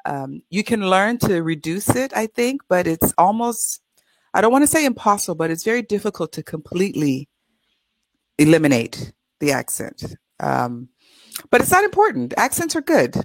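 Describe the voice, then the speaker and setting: A woman from California, USA, with a Californian American accent, speaks in a lowish voice with big pitch swings at a moderate pace. She's an English tutor chatting upbeat and easily in a casual interview. The recording is dry but low in quality.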